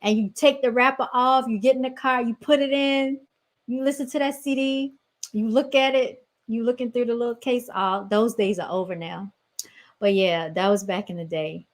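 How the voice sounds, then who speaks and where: A woman's voice: a little high, fairly even intonation, moderate pace. A woman in her thirties hosting a podcast, chatting casually and telling stories straight to her listeners. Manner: chatty storytelling, keeps addressing listeners as y'all. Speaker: podcast host.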